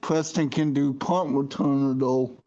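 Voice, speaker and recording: Slow-talking man on a dull stream. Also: medium pitch, fairly even intonation, mellow. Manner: halting, repeats words and restarts. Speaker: show host. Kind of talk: casual livestream sports chat.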